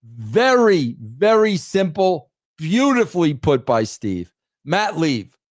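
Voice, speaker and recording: A man's voice: fairly high pitch, sing-song, slow. A middle-aged man hosting a wrestling show, ranting in a crude, exasperated way and repeating himself for emphasis. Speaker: host. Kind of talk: ranting commentary.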